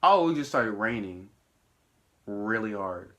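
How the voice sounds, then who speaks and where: An excitable man recaps a TV episode from home in a bright, forward voice. He talks in loose slang, laughs often, and swings from low mutters to sudden high exclamations. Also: takes it slowly. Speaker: TV episode reviewer. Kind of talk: casual spoiler recap.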